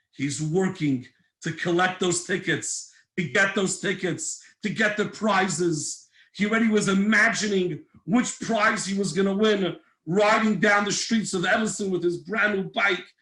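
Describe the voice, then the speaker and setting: A man, a rabbi, telling a faith story in an animated, emotional way and acting out its characters. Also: high voice, normal speed. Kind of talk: storytelling lesson. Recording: echoey room.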